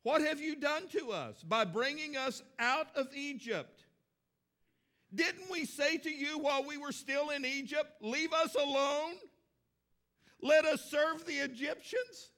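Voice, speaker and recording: A man's voice: very high-pitched, slow pace, pushed and bright, pitched above the performer's own voice, heavily acted. A man, a preacher, voicing a frightened crowd of ancient people who complain in a whiny tone.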